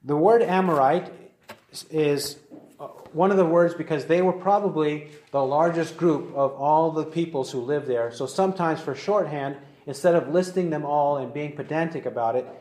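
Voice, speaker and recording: A man's voice: a little high, a little mellow. Man teaching Bible in an echoey room. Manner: deliberate, slows to read verses aloud. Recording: roomy echoey recording.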